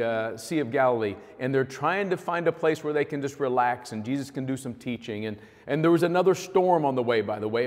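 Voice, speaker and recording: Man preaching in an echoing hall. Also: mid-range voice. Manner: conversational, vivid storytelling with fillers. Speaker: pastor. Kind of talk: sermon. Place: church hall. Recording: long hall reverb.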